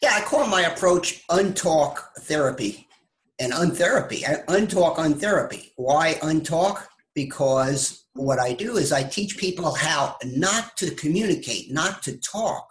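A man, a psychotherapist and interview guest, explaining his approach and pausing often to find his words. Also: fairly high pitch, lively intonation. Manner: explanatory, pauses to search for words. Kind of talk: interview answers.

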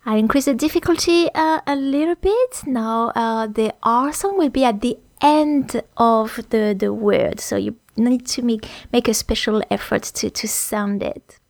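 A woman's voice: fairly high pitch, unhurried, vocal fry, darkish tone, dry recording. A woman teaching French pronunciation on a podcast, hesitant with many fillers and restarts.

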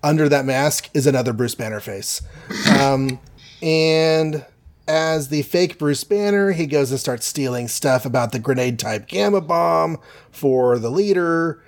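A man in casual chat, playfully summarizing comic book plots with quick asides and filler. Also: on the high side, animated. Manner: playful, summarizes plots with goofy quoted voices. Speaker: podcast co-host.

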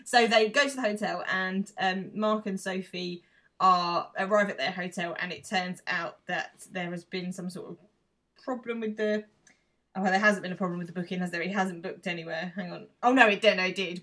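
A woman's voice: on the low side, a little fast. A woman co-hosting a podcast, chatting casually and recapping a TV episode with lots of ums. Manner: chatty, relaxed, with filler ums. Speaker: podcast co-host.

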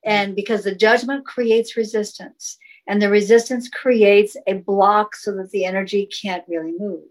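A woman's voice: mid-range voice, fairly even intonation, moderate pace, rough recording. A woman guest in a talk conversation, explaining sound healing in an encouraging, flowing way and demonstrating chanted tones. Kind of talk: casual interview talk.

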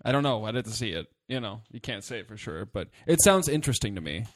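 A man co-hosting a casual movie discussion, talking in an animated, rambling way and swearing freely. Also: fairly low pitch, fast. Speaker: podcast co-host.

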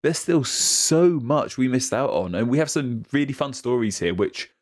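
A man co-hosting a history podcast, explaining things quickly and rambling a little. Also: medium pitch, expressive, a little mellow, dry recording, studio quality. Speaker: podcast co-host. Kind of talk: casual history podcast chat.

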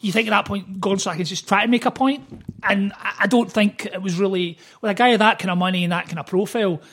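A man, an author guest on a podcast, telling stories in a fast, animated way. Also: sits high, slightly rough. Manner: fast, animated storytelling with quoted voices. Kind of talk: casual podcast chat.

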